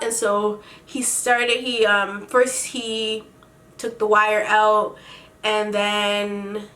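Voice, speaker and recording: A woman's voice: on the high side, steady tone, a little slow, fairly bright tone. A young woman from Canada telling a storytime vlog, profane and dramatic, ranting with plenty of swearing. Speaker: vlogger.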